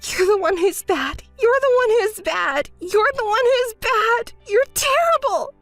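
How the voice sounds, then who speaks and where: A woman putting on a shrill spoiled gold digger. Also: sing-song, unhurried, fairly bright tone, no echo, faint music behind, heavily acted. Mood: whiny frantic. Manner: whiny, shrill, throws tantrums. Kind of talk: dramatized texting story.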